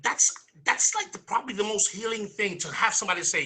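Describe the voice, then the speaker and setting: An energetic, earnest man sharing a personal testimony as a guest, sometimes repeating words as he gathers himself. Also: sits high, fast talker.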